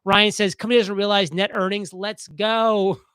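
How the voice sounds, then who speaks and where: A man hosting a casual live stream, talking fast and excitedly as he reads viewer comments aloud. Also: sits high, smooth, dry recording, rough recording.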